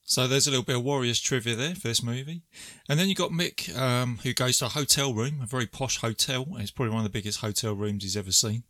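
A man's voice: medium pitch, fast, pushed and bright, no echo, studio quality. A man co-hosting a casual movie podcast, retelling scenes with quoted lines and frequent laughs. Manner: chatty storyteller, quoting lines and laughing. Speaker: podcast co-host. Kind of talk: casual movie recap chat.

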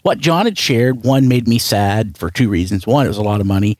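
A man's voice: on the low side, animated, fairly quick, darkish tone, no echo, studio quality. A man hosting a casual podcast chat, rambling and joking, often correcting himself mid-sentence. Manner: rambling, self-correcting, jokey. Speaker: podcast host.

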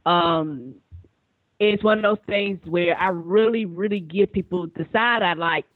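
A man chatting casually as a guest, heard over a thin, phone-like line with no room sound. His voice sits a little high for a man, and he rambles, stumbling over repeated words and swearing easily. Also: unhurried, dry recording. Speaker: podcast guest. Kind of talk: casual chat.

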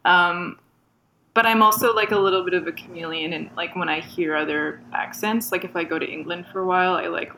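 A woman's voice: on the low side, steady tone, brisk, sharp tone, slight background noise. A woman from Toronto with a Canadian accent, a guest chatting casually and giggly in an interview, with lots of fillers.

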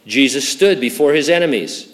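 A pastor preaching a sermon, speaking in a measured way with deliberate emphasis. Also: male voice, mid-range voice, expressive. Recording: reverberant hall.

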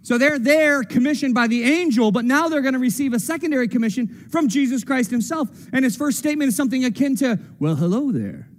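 Guy preaching a sermon in a church, kinda high voice, jokey and casual, big echoey hall. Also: fast, hardly any pauses. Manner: casual, joking asides with playful voiced quotes. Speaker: pastor. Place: church sanctuary.

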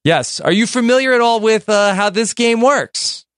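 A man hosting a mock game show over a video call, with a pitch that jumps all over the place. He rambles along, full of uhs and restarts. The sound is dry and close, with no room in it. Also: expressive, moderate pace, clear, resonant tone, dry recording. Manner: rambling, filler-heavy hosting.

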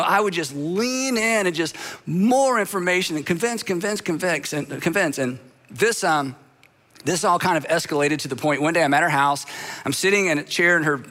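A man's voice: fairly high pitch, pushed and bright. A middle-aged male pastor delivering a sermon in a conversational way, with humorous asides and repeated phrases.

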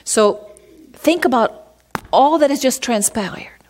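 A woman's voice: sits high, expressive, slow pace, darkish tone, a little hiss or hum. A woman teaching from scripture in a conversational way, reading verses aloud and then asking her listeners rhetorical questions. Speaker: Bible teacher.

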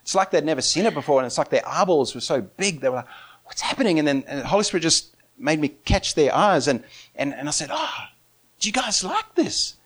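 An excitable man preaching in a high voice with a very lively, swooping pitch. He tells his story in an animated way, laughs often and drops to a hush before jumping back up loud. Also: fast talker, slightly rough. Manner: excitable, laughing often, big swings in loudness.

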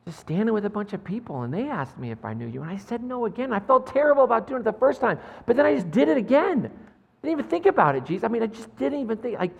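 A man's voice: high-pitched, very animated, gravelly, a little mellow, breathy edge, exaggerated voice. A man voicing a flustered, ashamed fisherman disciple. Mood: sheepish. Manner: halting, flustered, self-doubting. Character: anxious ashamed adult male fisherman disciple. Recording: dull sound with long hall reverb.

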